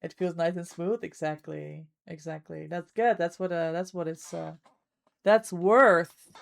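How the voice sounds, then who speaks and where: A woman's voice: lowish voice, fairly even intonation, measured pace, gravelly. Chatty woman streamer greeting viewers. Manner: chatty, thanks viewers by name. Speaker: livestreamer. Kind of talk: casual chat with viewers while gaming.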